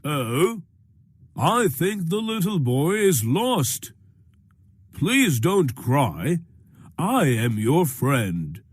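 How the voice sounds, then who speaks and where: A woman voicing a kindly crow in a children's story, speaking gently and soothingly. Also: low voice, sing-song, extremely slow, husky, full character voice. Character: kindly caring crow bird.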